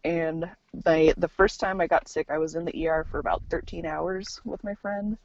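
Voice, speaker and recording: A woman's voice: lowish voice, fairly even intonation, moderate pace, darkish tone. A young adult woman, a podcast guest, telling a personal story in casual chat, laughing often and acting out the people she quotes. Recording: slightly dull, dry recording.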